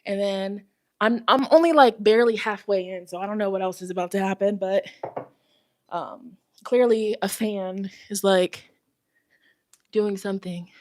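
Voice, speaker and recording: Out of breath lady chatting to her viewers, giggly, mid pitch, dry close phone mic. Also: unhurried, no room sound. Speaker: tarot reader and spiritual host. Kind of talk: casual livestream chat with viewers. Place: at home, walking around. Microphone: phone microphone held close.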